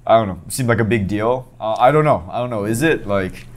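A comedian guest on a podcast, chatting casually and rambling with lots of filler words. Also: male voice, on the low side, fairly quick.

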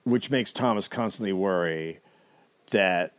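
A man's voice: low voice, measured pace, fairly bright tone. A man co-hosting a comedy podcast, telling a history story casually with wry asides and the odd swear.

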